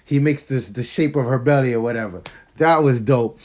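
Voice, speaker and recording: A man giving a casual, excited movie review, full of slang as he retells scenes. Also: mid-range voice, normal speed.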